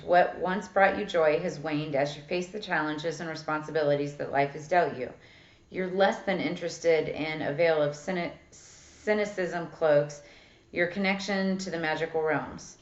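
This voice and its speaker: A woman's voice: sits low, moderate pace. A woman giving a casual tarot reading who swears freely, reads card texts aloud and fills her talk with "like" and "um". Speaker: tarot reader. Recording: echoey room, dull lo-fi sound.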